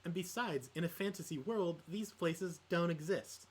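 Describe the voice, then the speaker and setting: A man's voice: a little high, normal speed, husky. A man co-hosting a casual podcast chat about tabletop games, rambling with lots of fillers and restarts. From Midwest United States. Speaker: podcast co-host.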